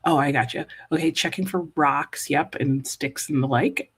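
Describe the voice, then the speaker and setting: A woman's voice: low-pitched, expressive, moderate pace, hardly any pauses, husky. A woman hosting a live reading stream, chatting casually and reading out viewers' comments with frequent "ooh"s and "uh"s. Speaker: livestream host reading chat.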